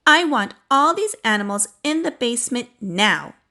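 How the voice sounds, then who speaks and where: A woman's voice: a little high, very animated, normal speed, bright, forceful tone, full character voice. A woman reading the lines of a firm but caring mother aardvark in a children's storybook. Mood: stern.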